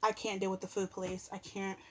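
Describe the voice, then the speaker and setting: In a brisk, level, fairly bright mid-range voice, a young vlogger vents casually about people dictating her food. Her tone is blunt and sassy, and she swears without holding back.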